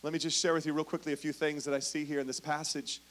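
A man preaching a sermon, telling Bible stories with animated emphasis and dropping to a hush, speaking directly to the congregation. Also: fairly high pitch, fast talker. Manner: animated storytelling, swings from loud emphasis to hushed. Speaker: pastor.

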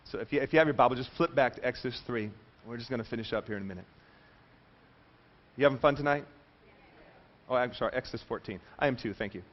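A man preaching a sermon as pastor, animated, telling stories and acting out quoted voices. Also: mid-range voice, fast, pauses often, dull audio.

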